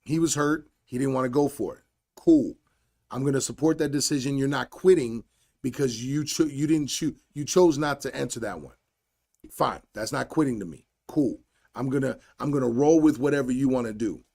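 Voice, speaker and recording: A man hosting a solo podcast, telling a coaching story in a blunt, animated, slangy way. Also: medium pitch, normal speed, creaky. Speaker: podcast host and fight coach.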